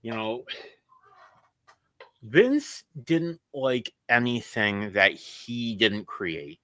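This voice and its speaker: A man's voice: mid-range voice, big pitch swings, drawn-out words, a bit bright, no room sound. A man with a New York accent, a guest on a podcast, sharing blunt, profane opinions. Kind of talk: casual podcast chat.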